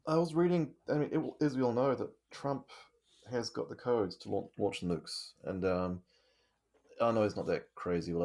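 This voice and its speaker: A man with a very low, gravelly voice in casual podcast chat. His tone is slightly husky, and he talks in an earnest, thoughtful way, swearing now and then. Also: darkish tone. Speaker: podcast co-host.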